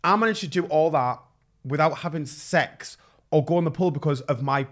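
A man's voice: on the high side, normal speed. A young man with a Geordie accent, a guest in a casual chat, telling a story candidly and swearing freely.

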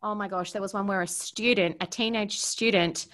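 A woman's voice: medium pitch, steady tone, normal speed, fairly bright tone. Giggly chatty woman podcast host. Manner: giggly, chatty storyteller who laughs often. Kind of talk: casual chat.

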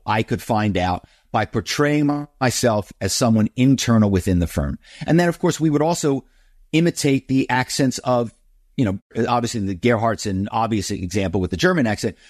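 A man's voice: medium pitch, expressive, normal speed, darkish tone, no echo, studio quality. A middle-aged man, a guest author, telling stories in an interview and acting out phone calls in other voices. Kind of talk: interview storytelling.

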